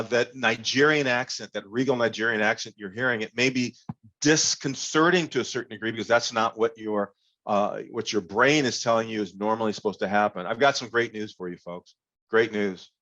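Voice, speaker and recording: A man giving an animated, interactive workshop talk over a video call, leading the audience in call-and-response. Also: lowish voice, normal speed, highs cut off. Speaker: workshop speaker.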